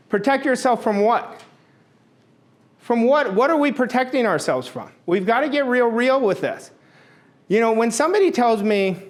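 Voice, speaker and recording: A middle-aged man giving a motivational talk to an audience, emphatic and blunt, repeating his points and swearing now and then. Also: high voice. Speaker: motivational speaker.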